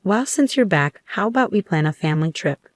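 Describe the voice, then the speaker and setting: A woman's voice: on the low side, expressive, a little fast, dry recording, clean studio sound, close to an everyday voice. A woman voicing a cold, demanding middle-aged mother-in-law in a narrated story. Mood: cool, pushy. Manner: demanding and icy.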